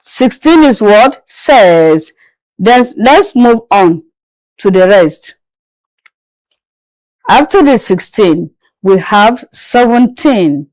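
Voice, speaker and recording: A woman's voice: a little high, lively intonation, slow pace, pauses often, darkish tone, dry recording, poor audio. A woman teaching a pronunciation lesson, repeating each word several times and patiently asking and answering her own questions. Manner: patient, coaxing learners to listen closely. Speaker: French teacher. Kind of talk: slow drilling pronunciation lesson.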